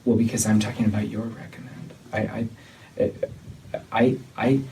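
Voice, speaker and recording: A man leading a church disciplinary meeting, talking in a measured, insistent way that often repeats itself. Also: on the low side, level tone, mellow. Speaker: church leader. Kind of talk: tense meeting conversation. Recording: distant mic with faint noise.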